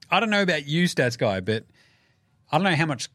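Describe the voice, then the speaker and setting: An Australian man hosting a casual sports podcast, his voice sitting a little high. He rants with energy, swears freely and puts on mocking voices for the people he talks about. The sound is dry and close to the mic. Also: moderate pace, dry recording. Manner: animated, swears freely, acts out players in silly voices. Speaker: podcast host.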